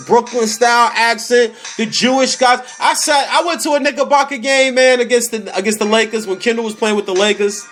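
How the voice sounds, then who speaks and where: In a very high-pitched voice, a comedy podcast host launches into a casual, animated rant about sports. He leans on slang and repeats phrases for emphasis.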